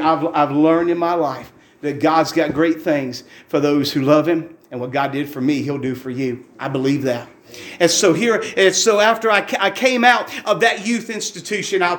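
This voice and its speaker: High-voiced fervent preacher, echoey church. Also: male voice. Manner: fervent, repetitive, folksy. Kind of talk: testimony sermon.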